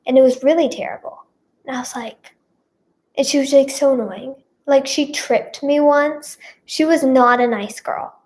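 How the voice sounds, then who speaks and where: A teenage girl, a vlogger and singer, tells a storytime to camera in a high, slightly mellow voice at normal speed. She rambles casually, filling it with "like" and "yeah."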